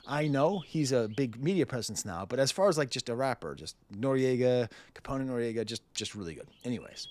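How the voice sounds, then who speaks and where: A man's voice: mid-range voice, animated, a little fast, few pauses, a little mellow, no echo. A man in his forties reviewing a rap album in blunt, sarcastic casual commentary, laughing often. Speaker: music reviewer.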